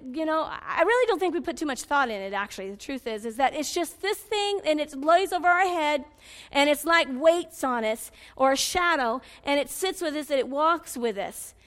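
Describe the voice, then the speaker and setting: A woman preaching a sermon, swinging between loud pleading cries and low confiding asides. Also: animated, moderate pace, big-room sound.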